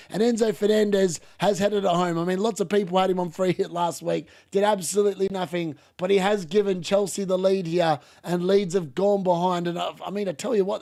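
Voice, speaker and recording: A man hosting a live football watchalong, chatting casually and reacting excitedly to the game. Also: high voice. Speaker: watchalong host.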